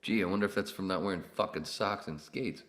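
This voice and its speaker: A man's voice: sits low, a little fast, a bit bright. A man chatting casually on a podcast, laid-back and rambling, with casual swearing.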